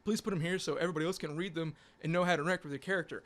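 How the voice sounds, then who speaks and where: Higher-voiced man reading his backstory. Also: fairly even intonation, very fast, fairly bright tone. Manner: casual, swearing, reads steadily with small slips. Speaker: podcast guest, scare actor. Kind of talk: casual chat and reading a written backstory aloud.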